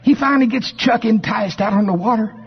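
A male preacher giving a sermon and telling a folksy story in an animated way. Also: high voice, fairly quick, slightly rough. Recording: dull sound with long hall reverb.

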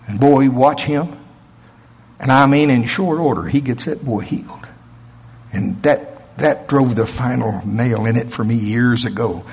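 A man's voice: medium pitch, slightly rough. A man preaching a sermon, emphatic and chuckling often.

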